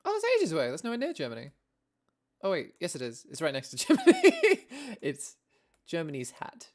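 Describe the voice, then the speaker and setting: A woman's voice: deep voice, huge pitch swings, moderate pace, a little mellow. A young English woman streaming a casual chat, rambling and self-deprecating, laughing often as she talks to her viewers. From England.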